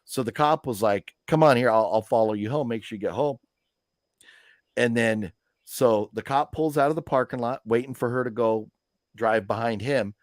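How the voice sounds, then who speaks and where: A man's voice: mid-range voice, moderate pace, no echo, studio quality. A man hosting a live movie news stream, telling stories in a rambling, chatty way with lots of fillers. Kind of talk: casual chat.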